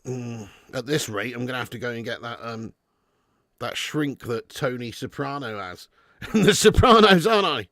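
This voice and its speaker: A man's voice: mid-range voice, lively intonation, normal speed, fairly bright tone, dry recording, studio quality. A man hosting a live football watch-along stream, reading out donations and bantering with viewers in a chatty manner with frequent laughs.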